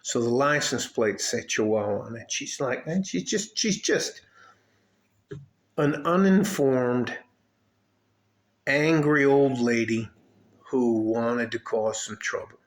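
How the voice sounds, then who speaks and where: A man's voice: medium pitch, takes it slowly, long pauses. A man from Detroit telling a story in a casual vlog rant, swearing often and rambling with many fillers and restarts. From Highland Park, Detroit. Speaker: vlogger.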